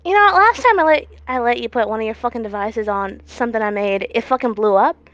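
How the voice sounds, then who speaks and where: A woman's voice: on the high side, lively intonation, fairly quick, a bit bright, no echo, highs cut off. A woman voicing a blunt, sarcastic, foul-mouthed young mechanic in a tabletop game. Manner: blunt, swears a lot, sarcastic.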